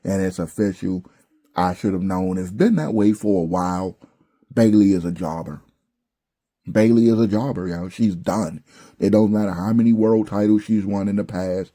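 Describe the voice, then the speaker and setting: A man's voice: lowish voice, mellow. A young man ranting bluntly about a wrestling show, exasperated and profane, with slangy asides. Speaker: wrestling commentary vlogger.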